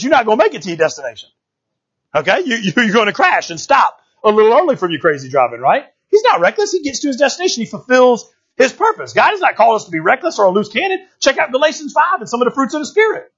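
A man's voice: high voice, a bit bright, husky, dull audio. A man preaching a sermon as pastor, emphatic, often repeating words and asking "right?" to the congregation.

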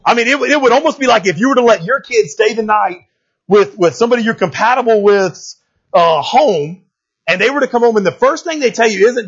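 A man preaching a sermon in a conversational, animated way, often checking in with his listeners. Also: very high voice, fairly quick, breathy edge, highs cut off. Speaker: pastor.

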